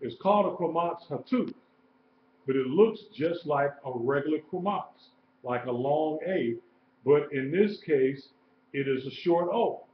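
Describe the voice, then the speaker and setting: A man's voice: fairly high pitch, lively intonation, a little slow, slight background noise. A man teaching a class, patiently repeating each term and spelling words out letter by letter. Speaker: Hebrew teacher. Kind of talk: classroom lecture, live-streamed. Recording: roomy, dull lo-fi live stream.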